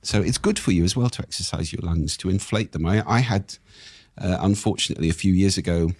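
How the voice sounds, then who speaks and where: An older man with a husky voice, explaining speaking technique in a lively, expressive conversational way. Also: sits low, brisk, dry recording. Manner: animated, expressive intonation. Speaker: voice coach guest.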